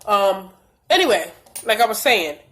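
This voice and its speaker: A woman's voice: medium pitch, sing-song, a little slow, fairly bright tone. A woman vlogger talking loosely and casually to her viewers, cursing freely while drinking and smoking at home. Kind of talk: casual vlog chat to camera.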